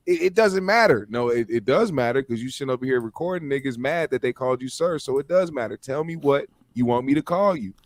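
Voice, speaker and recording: A man's voice: mid-range voice, lively intonation, quick pace, few pauses, no echo. A man co-hosting a podcast in casual chat, telling stories in a laid-back, profane way. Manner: laid-back storytelling, profane, laughs often. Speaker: podcast co-host.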